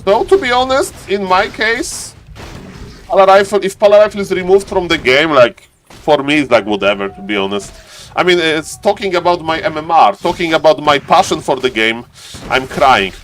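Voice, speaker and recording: Excitable streamer casting a strategy game. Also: male voice, on the high side, brisk, slight background noise. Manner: excitable, repeats phrases, addresses chat by name. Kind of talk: excited live game commentary and chat.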